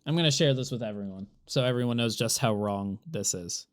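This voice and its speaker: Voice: medium pitch, expressive, a little fast. A streamer chatting to viewers during a live gameplay stream, rambling and exasperated, laughing often. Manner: exasperated, rambling, talks to chat while playing.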